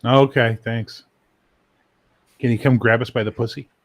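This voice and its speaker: Canadian man from the Maritimes, mid-pitched, profane ranting banter. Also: steady tone, measured pace. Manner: profane, mock-outraged ranting. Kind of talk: casual podcast banter. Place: Montreal.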